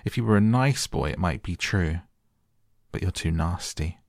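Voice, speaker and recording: A man's voice: low voice, lively intonation, normal speed, creaky, no room sound, studio quality. A man voicing a sour, stubborn little girl who snaps out fierce retorts.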